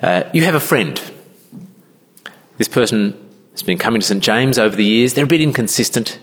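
A man delivers a sermon as pastor, his voice a little husky. He explains earnestly and calmly, mixing scripture with everyday stories. The sound rings with a long hall reverb. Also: mid-range voice, moderate pace.

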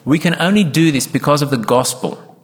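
A man's voice: a little high, a little fast. A man preaching a sermon as pastor, earnest and emphatic, sometimes acting out quoted congregation members. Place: church. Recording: church hall with long reverb.

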